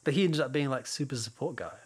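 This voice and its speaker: A man's voice: medium pitch, rapid-fire, breathy edge. A man co-hosting a casual film podcast, rambling and repeating himself, laughing often. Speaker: podcast co-host.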